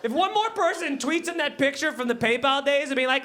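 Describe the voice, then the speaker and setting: A man with a very high voice performs stand-up fairly quickly, pausing often, against background noise and crowd laughter in a small club. His set is brash and foul-mouthed, mixing crowd work with acted-out bits.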